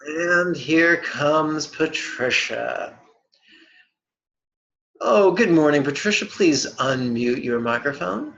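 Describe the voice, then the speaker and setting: Slow-spoken man leading a meditation lesson. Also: fairly high pitch, lively intonation, vocal fry, fairly bright tone. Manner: slow, deliberate and playful, with wry asides. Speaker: meditation teacher. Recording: dull lo-fi webinar audio.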